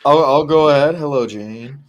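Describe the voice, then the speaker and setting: A man's voice: on the high side, moderate pace, crowd noise. A man co-hosting a casual movie review podcast, talking bluntly with lots of swearing. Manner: blunt, profane, animated. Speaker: podcast co-host. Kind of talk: casual chat.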